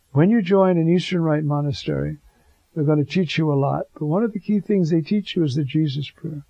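A male priest giving a sermon in a fervent, animated way, chuckling now and then. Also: on the high side, brisk, vocal fry, no echo. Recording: dull lo-fi dry recording.

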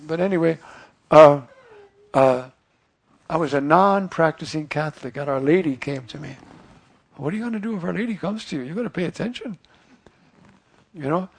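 A man's voice: fairly high pitch, vocal fry. An older man, a priest, giving a conversational homily, acting out quoted voices and checking in with listeners. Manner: conversational, acts out quoted voices, asks listeners "you see?".

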